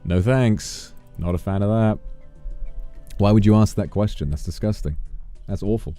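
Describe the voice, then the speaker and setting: A man's voice: deep voice, normal speed, mellow, no echo, faint music behind. A male streamer chatting casually and playfully, bursting into mock-outraged rants and snatches of song. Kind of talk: casual live-stream chat.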